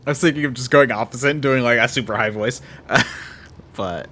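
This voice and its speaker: A young man streaming a game, chatting casually and thinking out loud with frequent self-corrections. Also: mid-range voice, fairly quick, slight background noise. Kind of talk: casual gameplay commentary.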